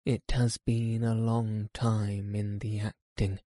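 A man voicing a weary, dying old man in a slow, grave audiobook reading. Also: fairly low pitch, flat delivery, mellow, no room sound. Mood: resigned. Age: older.

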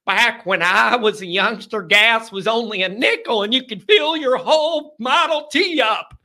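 Man playing a cranky old-timer, high and bright, rambling on. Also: measured pace, full character voice. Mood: reminiscing.

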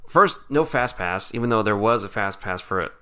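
A man co-hosting a casual chat, telling stories in an animated way and acting out the people in them. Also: fairly low pitch, normal speed, smooth. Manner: animated storyteller, acts out quoted people. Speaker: podcast co-host.

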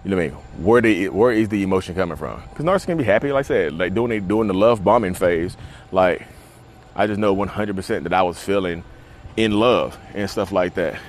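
Deep-voiced man vlogging outdoors. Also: brisk, a little hiss or hum. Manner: rambling, conversational, many fillers. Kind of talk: casual talk to camera. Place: outdoors at the beach.

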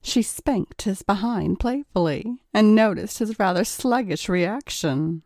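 Reading an erotic audiobook, a woman speaks slowly and calmly in a measured, dark, mellow mid-range voice. The recording is dry and close, with no room sound.

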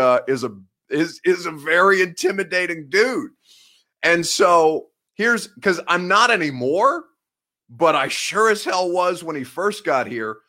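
A man's voice: on the high side, sharp tone. A man around thirty hosting a casual live show, rambling and cutting himself off, laughing often. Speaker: podcast host and sports reporter. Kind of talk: casual live-show chat, reading viewer comments.

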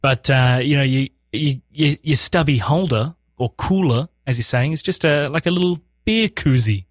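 A man's voice: medium pitch, normal speed, no echo. Australian man, band frontman, joking chat, dry room. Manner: laughing, jokey, self-mocking. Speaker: band frontman, interview guest. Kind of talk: casual chat.

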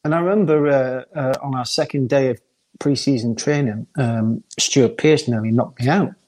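An older man, telling a lively football anecdote and often laughing. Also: mid-range voice, normal speed. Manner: laughs often, lively storyteller acting out others. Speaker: former footballer guest.

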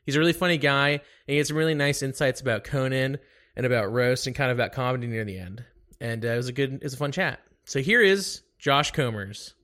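Hungover guy hosting a podcast, flat deadpan ad read, mid-pitched, jokey asides. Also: fast. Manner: dry, deadpan ad read with self-mocking asides. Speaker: podcast host. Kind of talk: casual podcast talk and ad read.

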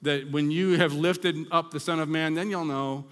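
Male pastor preaching, a little high-pitched, slows down for dramatic scripture lines; echoing hall. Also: steady tone, a bit bright. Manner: dramatic scripture reading with emphatic slowdowns. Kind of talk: sermon. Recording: long reverb of a hall.

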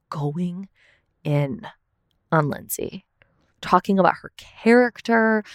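A woman's voice: medium pitch, a bit bright, clean tone, dry recording, studio quality. A young woman hosting a casual recap podcast, chatty and full of "like" fillers.

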